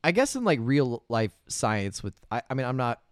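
A man's voice: medium pitch, big pitch swings, moderate pace, no echo, clean studio sound. A man co-hosting a casual movie review chat, musing and hedging with fillers as he talks it through. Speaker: podcast co-host.

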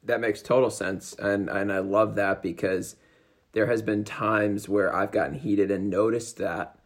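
A man's voice: lowish voice, fairly even intonation, unhurried. A man hosting an interview, asking loose questions full of "um" and "like". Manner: rambling questions with many fillers. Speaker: podcast host. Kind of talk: casual interview.

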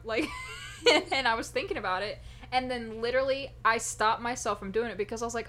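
A woman's voice: medium pitch, quick pace, a bit bright, a little hiss or hum. Giggly young woman chatting on a podcast. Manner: giggly, playful, laughs often. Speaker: podcast co-host. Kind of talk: casual chat.

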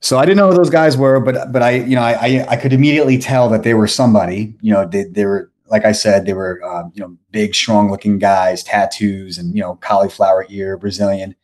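As a guest on a podcast, a man from New York rambles through a casual story, full of fillers and fresh starts. He talks a little fast with few pauses, in a fairly low, a little mellow voice with fairly even intonation.

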